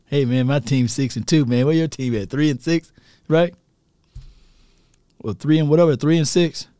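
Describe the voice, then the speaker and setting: A man's voice: fairly high pitch, normal speed, mellow, dry recording, studio quality, lightly acted. A man putting on the voice of a cocky, boastful football coach who shows off. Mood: bragging.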